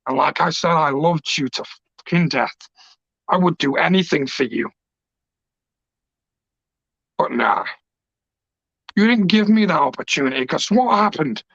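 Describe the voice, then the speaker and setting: A man's voice: high-pitched, creaky, fairly bright tone, no room sound. A man, a pro wrestler cutting an emotional, passionate, rambling promo. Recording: dull lo-fi dry recording.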